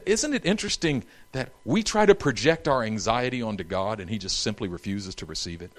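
A man preaching a sermon, telling the story in an animated, humorous way. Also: medium pitch.

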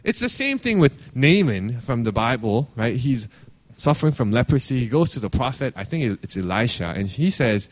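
A man's voice: medium pitch, sing-song, fairly quick. A man giving an earnest, conversational sermon as pastor, reading scripture and restarting his phrases often.

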